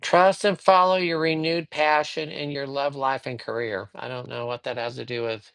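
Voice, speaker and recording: A man gives card readings on a livestream in a voice of middling pitch. He is upbeat and chatty, rambles a little and greets viewers by name. The sound is close and dry, with almost no room reverb. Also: fairly even intonation, normal speed, creaky, few pauses, a bit bright, smooth. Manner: rambling, with frequent fillers. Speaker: psychic reader. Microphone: livestream microphone.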